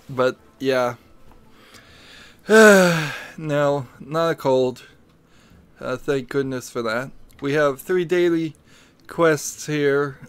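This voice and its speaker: A man's voice: mid-range voice, a bit bright, clear, resonant tone. A man streaming a card game who has just woken up and still has his morning voice, rambling hesitantly as he thinks aloud in casual commentary. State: groggy morning voice, just woke up.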